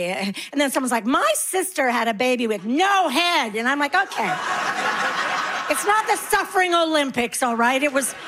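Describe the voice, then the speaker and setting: A woman's voice: high voice, a little hiss or hum. A woman in her sixties doing a stand-up comedy set, telling stories and acting out other people's voices. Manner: animated storytelling, acts out voices.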